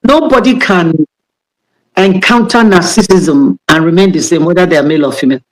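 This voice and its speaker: A woman's voice: on the low side, brisk, poor audio. A Nigerian woman pastor teaching in an interview, repeating key words for emphasis. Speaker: pastor and guest speaker.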